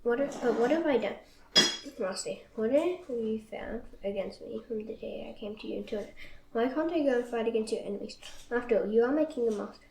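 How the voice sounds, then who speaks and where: A woman's voice: fairly high pitch, brisk, vocal fry. A woman reading the lines of a loyal young male warrior in an echoey room. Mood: protesting. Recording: echoey room, faint noise.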